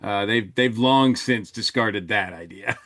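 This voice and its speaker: In a relaxed podcast conversation, the male co-host meanders, often restarting sentences and filling gaps. The dry studio recording catches a lowish, fairly bright voice.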